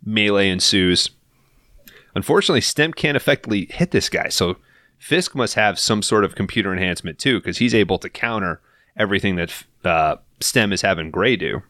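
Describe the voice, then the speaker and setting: A man on a podcast recapping a film in casual, profane, animated storytelling, acting out the characters' lines as he goes. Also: fairly low pitch, brisk, no room sound, clean studio sound.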